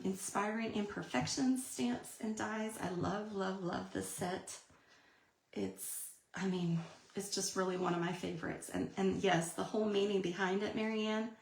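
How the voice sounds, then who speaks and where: A woman's voice: medium pitch, vocal fry, a little hiss or hum. A woman, chatting through a live card-making demonstration and answering viewer comments. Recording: echoey room.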